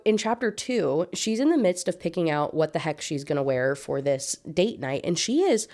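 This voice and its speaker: A woman's voice: low-pitched, animated, normal speed, hardly any pauses, dark tone. A young woman with a Southern US accent ranting sarcastically about a novel, laughing and exasperated. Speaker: book reviewer. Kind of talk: casual book rant with read-aloud excerpts.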